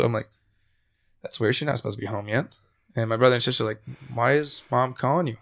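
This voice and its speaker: A man's voice: medium pitch, fast, gravelly. Profane young man telling a ghost story. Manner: profane, animated when telling the scary parts. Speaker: podcast host. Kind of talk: casual storytelling.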